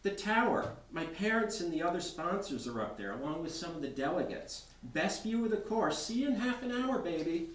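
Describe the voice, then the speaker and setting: Pria memerankan wanita muda penunggang kuda yang genit. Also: male voice, sits high, sing-song, normal speed, few pauses, voice pushed up. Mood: flirtatious. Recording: roomy bookstore from far off.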